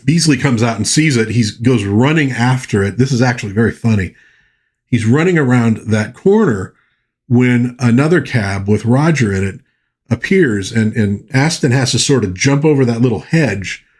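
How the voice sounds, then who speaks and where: A man reviewing an old film, retelling its plot in a chatty, animated way with frequent restarts. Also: medium pitch, moderate pace, breathy edge. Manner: chatty, animated, lots of you-knows and restarts. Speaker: movie reviewer.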